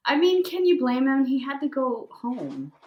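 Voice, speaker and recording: A woman co-hosting a podcast, chatting about reality TV in a blunt, expressive way and swearing when riled. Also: high-pitched, moderate pace, muffled recording. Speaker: podcast co-host. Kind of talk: casual chat recapping reality TV. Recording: roomy echo.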